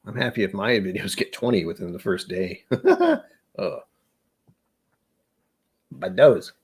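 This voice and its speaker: A man's voice: fairly low pitch, animated, slow, a little mellow, slightly rough. A man from the United States hosting a casual whiskey livestream, chatty, rambling and self-deprecating as he reads chat aloud. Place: indoors at home.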